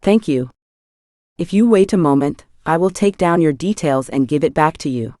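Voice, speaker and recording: A woman's voice: sits low, expressive, moderate pace, warm tone, no room sound, clean studio sound. A woman voicing Schmidt, a wary male hotel manager in an audiobook, who speaks with stiff, clipped politeness. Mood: polite.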